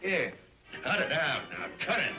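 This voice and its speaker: An actor playing a brash, scheming inventor husband in a 1930s film comedy, wheedling and pushy. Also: male voice, a little high, very animated, normal speed. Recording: scratchy 1930s film soundtrack with music.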